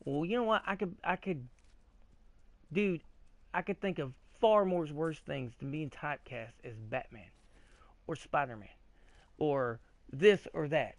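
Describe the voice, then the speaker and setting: A man hosting a gaming video, ranting in a rambling, profane, excitable way with frequent restarts while he plays. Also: a little high, a little slow, vocal fry, pauses often, no echo. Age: adult, old enough to remember 80s cartoons. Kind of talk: casual rant while playing a game.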